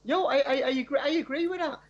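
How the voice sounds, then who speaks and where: A man with a Manchester accent argues his point on a sports phone-in, his fairly high voice coming through a dull, lo-fi line. He stammers and restarts constantly but keeps pushing. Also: quick pace. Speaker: phone-in caller, City fan. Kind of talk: heated sports phone-in argument.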